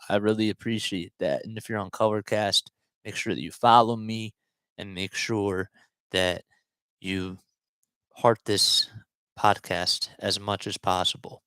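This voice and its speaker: A man's voice: on the low side, fairly even intonation, a little slow, a bit bright, clear, resonant tone, no echo. A man hosting a solo sports talk show, chatting casually and rambling a little as he restarts and digresses.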